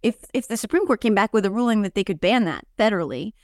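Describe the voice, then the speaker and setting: A woman's voice: medium pitch, animated, quick pace, darkish tone, dry recording, studio quality. A woman hosting a podcast, chatting casually and expressively about politics, with frequent fillers and restarts. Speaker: podcast host.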